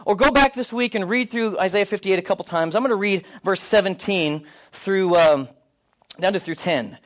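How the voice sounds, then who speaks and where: A middle-aged male pastor preaching a sermon, telling stories and acting out the dialogue in them. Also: normal speed. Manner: animated storyteller, acts out dialogue with rising pitch. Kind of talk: sermon with storytelling.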